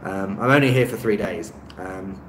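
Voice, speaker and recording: Rambling Londoner chatting in an echoey room. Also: male voice, low-pitched, moderate pace. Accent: Estuary English, London. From London, England. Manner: rambling, lots of ums and restarts, chatty and self-mocking. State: tired, no rest. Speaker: travel vlogger on a live stream. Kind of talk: casual live-stream chat, reading viewers' comments. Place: rented room indoors. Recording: echoey room with loud background noise and passing vehicles.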